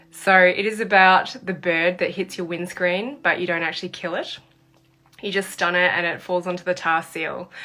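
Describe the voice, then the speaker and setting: Bright-voiced New woman explaining. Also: fairly low pitch. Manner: earnest storytelling, explaining with examples. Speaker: therapist and trainer. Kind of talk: explanatory talk to camera.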